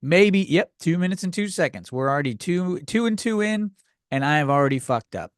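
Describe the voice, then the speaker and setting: A man's voice: fairly high pitch, lively intonation, brisk, no echo, studio quality. A man hosting a solo comedy podcast, rambling from thought to thought and poking fun at himself. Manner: rambling, scattered, self-mocking. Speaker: podcast host.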